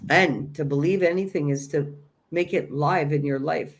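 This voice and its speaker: A man's voice: a little high, steady tone, normal speed. A man hosting a spiritual livestream, giving an earnest, encouraging self-help talk that keeps circling back to the same key phrases.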